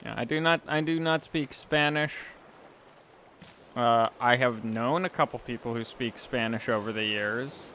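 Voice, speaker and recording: A man's voice: medium pitch, a little slow, fairly bright tone, a little hiss or hum. A man chatting casually while streaming a game, rambling and self-deprecating, with frequent chuckles. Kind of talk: casual gaming chat.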